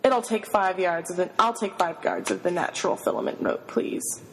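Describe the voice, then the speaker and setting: Woman reading as a cool, soft-spoken rich young man. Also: lowish voice, lively intonation, moderate pace, big-room sound, low-quality recording. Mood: soft, amused. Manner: soft, matter-of-fact and teasing. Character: calm, assured wealthy young man.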